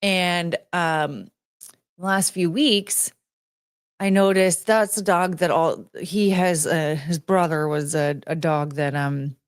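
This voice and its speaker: A woman streamer in casual chat, greeting viewers by name and rambling with giggles, fillers and restarts, jumping between high excited greetings and low mumbled asides. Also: slow pace, clear, resonant tone, dry recording, studio quality. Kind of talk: casual chat reading out chat names.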